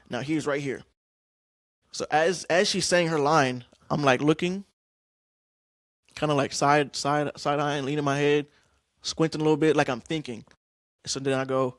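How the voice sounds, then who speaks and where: A young man hosting a podcast, casually telling stories about acting class, slangy and animated. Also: fairly high pitch, moderate pace, no echo, clean studio sound. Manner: animated, acts out scene lines, slangy. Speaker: podcast host.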